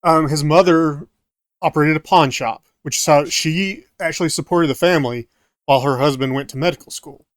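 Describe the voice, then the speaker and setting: A man's voice: a little high, fairly quick, dry recording. A man with a somewhat raised voice talks through his notes on a casual podcast. He hesitates often and stops to correct himself. The sound is close and dry. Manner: hesitant, many fillers and self-corrections. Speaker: podcast co-host presenting research.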